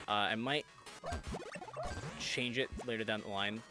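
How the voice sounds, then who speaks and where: A man's voice: lowish voice, steady tone, a little slow. A man chatting casually on a live stream, giving short, agreeable replies. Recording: stream audio with game music behind. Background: game music.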